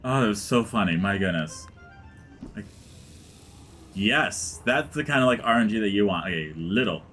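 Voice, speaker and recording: A man's voice: fairly low pitch, animated, moderate pace, a bit bright, soft background music. A man giving casual gameplay commentary as a let's play gamer, rambling with many fillers and dropping into mutters. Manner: rambling, heavy use of like, dips into mutters.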